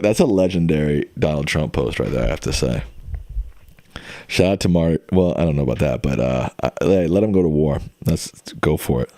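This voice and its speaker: A young adult man livestreams and chats casually with viewers, rambling in a laid-back way full of fillers and restarts. His voice is extremely low and darkish, recorded with clean studio sound and no echo.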